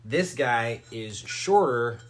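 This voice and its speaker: Casting: mid-pitched man, offhand streamer rambling as he builds gear at home. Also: animated, slow. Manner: rambling, loose, joking asides to chat and dog. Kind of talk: casual live-stream commentary while building.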